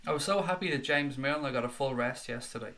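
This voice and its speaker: Excitable bright-voiced man hosting a live stream. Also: mid-range voice, fast. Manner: excitable, chatty, reads out viewer comments. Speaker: football fan channel host. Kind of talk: live-stream chat reaction.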